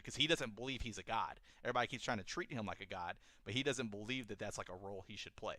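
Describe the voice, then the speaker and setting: A man's voice: medium pitch, quick pace, few pauses, sharp tone, no room sound, studio quality. A young man co-hosting a podcast, retelling a story in a rambling, laid-back way, full of fillers and swearing. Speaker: podcast co-host. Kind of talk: casual chat.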